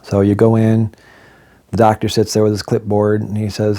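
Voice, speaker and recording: A man's voice: lowish voice, monotone, normal speed, dark tone. A man telling a personal story in a casual vlog, with wry, self-deprecating humor.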